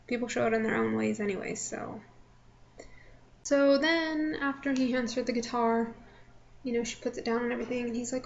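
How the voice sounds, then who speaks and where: A woman's voice: fairly high pitch, creaky. A young woman vlogger casually recapping a live event she watched, chatty and full of filler words. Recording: slightly dull lo-fi audio with faint background noise.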